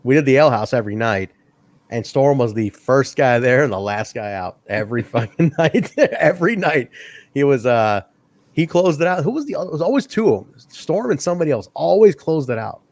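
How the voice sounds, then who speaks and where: A man co-hosts a loose wrestling podcast, telling stories with a lively, swooping voice that rises and falls a lot. He laughs often, swears freely, and pops into a higher pitch when he quotes people. The sound is close and dry, with almost no room around it. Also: brisk, no echo. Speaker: podcast co-host. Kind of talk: casual wrestling review chat.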